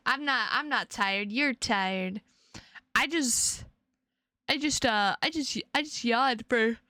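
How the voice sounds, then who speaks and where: A woman's voice: on the high side, takes it slowly, pushed and bright, no room sound, studio quality. A young adult woman streamer chatting casually with her viewers, rambling and playful, often repeating her words.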